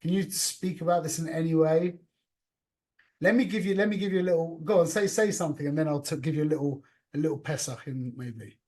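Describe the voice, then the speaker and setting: A man with a fairly high-pitched voice teaches an informal class over a call. He talks in an animated, conversational way. He restarts his sentences often and mixes in Yiddish and Hebrew words. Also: a little fast.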